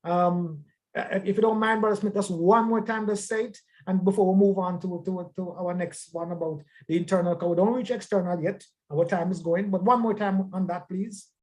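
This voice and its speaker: A man's voice: high voice, fairly even intonation, moderate pace, darkish tone. A man teaching a church life-skills class in a conversational way, emphatic and often repeating words.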